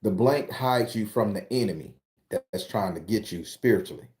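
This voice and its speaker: A man from Florida, hosting a casual live chat and telling stories in a profane, animated way. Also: fairly low pitch, moderate pace. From southern Florida. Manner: profane, animated storyteller reading out viewer comments. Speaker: host.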